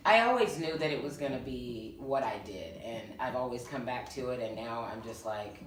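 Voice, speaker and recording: A woman in her thirties from Georgia with a low voice tells chatty, laid-back stories about her salon work. She sits away from the mic in an echoey room. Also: normal speed, slight background noise. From Georgia, US South. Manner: laid-back, chatty storyteller, laughs often. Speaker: hairstylist and salon owner, co-host. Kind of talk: casual chat. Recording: roomy, from a distance.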